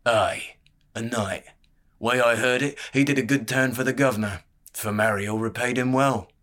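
A man voicing a greedy, wary old male barkeep who talks gruffly and says "aye". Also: medium pitch, fairly even intonation, moderate pace, a bit bright, natural voice. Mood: grudging.

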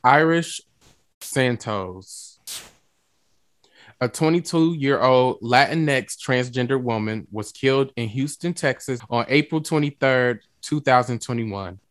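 A man hosting a music and talk radio show, lively and playful, with slang and drawn-out emphasis. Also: medium pitch, dry recording.

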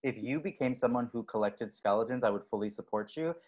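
A man's voice: medium pitch, quick pace, highs cut off. A male comedian co-hosting a podcast in casual chat, with a wry, teasing manner.

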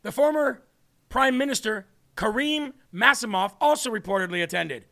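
A man's voice: very high-pitched, moderate pace, vocal fry, sharp tone. A male political talk show host giving sarcastic, mocking commentary with frequent laughter. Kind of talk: opinionated commentary.

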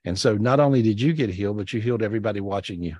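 A man's voice: fairly low pitch, rapid-fire, no echo. Here is an effusive man who keeps repeating himself, hosting a live healing session over a video call. His voice comes through dry and close, with no room around it. He sounds affectionate and eager. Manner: warm, effusive, repeats phrases. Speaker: spiritual healer and show host.

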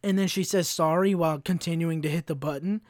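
Young man ranting profanely, slightly high voice. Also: steady tone, a little fast, a little mellow, no echo, studio quality. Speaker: podcast host. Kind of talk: solo podcast rant.

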